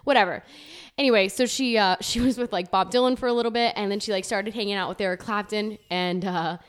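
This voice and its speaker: A woman's voice: mid-range voice, steady tone, fast talker, smooth. A young woman co-hosting a casual, joking podcast chat, giggling often and leaning on "like". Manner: giggly, heavy use of "like". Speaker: podcast co-host. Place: home.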